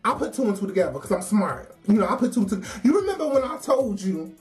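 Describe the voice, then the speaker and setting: Animated laughing woman telling a story. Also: medium pitch, quick pace, faint music behind. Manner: animated, laughing, acts out quoted voices. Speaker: vlogger telling a work story. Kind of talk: casual storytelling monologue.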